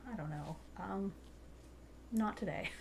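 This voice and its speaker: A woman's voice: medium pitch, a little slow, creaky, a little mellow, slight background noise. A woman talking casually to camera about books, rambling and giggly, poking fun at herself. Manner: giggly, rambling, self-deprecating. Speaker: book reviewer. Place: home room with bookshelves. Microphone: small desk mic.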